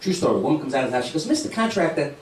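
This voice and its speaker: A middle-aged man doing a stand-up comedy set in a club, with a brash, punchy delivery and quick asides to the crowd. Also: mid-range voice, a little mellow. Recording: echoey club room, distant mic, crowd noise. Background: audience laughter.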